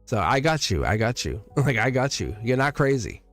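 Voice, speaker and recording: A man's voice: mid-range voice, sing-song, normal speed, fairly bright tone, faint music behind. A man giving a casual live-stream tarot reading. He talks in a chatty, emphatic, reassuring way and laughs often between phrases.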